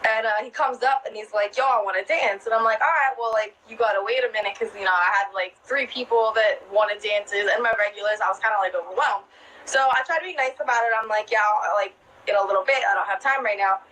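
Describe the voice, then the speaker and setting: Mid-range and sharp-toned, the young club dancer talks fast over a low-quality recording with a little hiss or hum. Her chatty storytelling comes loaded with profanity, frequent laughter, and plenty of "like" fillers.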